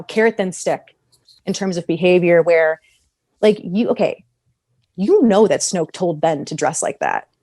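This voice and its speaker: A woman's voice: medium pitch, dark tone, no room sound. A woman talking on a podcast panel in a passionate, rambling way, restarting her sentences often. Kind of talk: casual podcast discussion.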